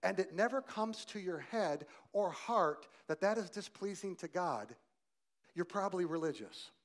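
A male pastor preaching a sermon, swinging from loud emphasis to quiet softness and asking the congregation direct questions. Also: high voice, unhurried.

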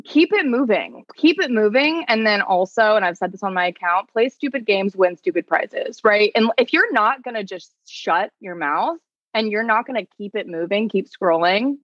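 A woman, an attorney, telling stories in a fast, animated way, with lots of "like", as a guest in a casual podcast chat. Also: medium pitch, no echo, lo-fi sound. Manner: fast, animated storytelling full of "like".

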